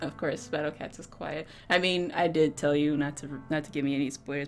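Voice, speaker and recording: A woman's voice: deep voice, flat delivery, fast talker, hardly any pauses, music in the background. Emotional woman streamer reacting to a game. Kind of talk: let's play commentary and reading aloud.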